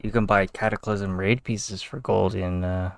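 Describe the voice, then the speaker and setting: A man's voice: lowish voice, fairly even intonation, a little slow, gravelly, no room sound. A young man giving casual, swearing commentary as he plays a game, muttering to himself and getting easily aggravated. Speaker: gamer streamer.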